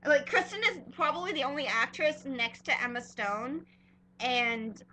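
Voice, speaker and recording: A young woman fan vlogger chats casually, gushing and rambling with plenty of fillers. Her voice is high, a little slow and sharp-toned, with slight background noise.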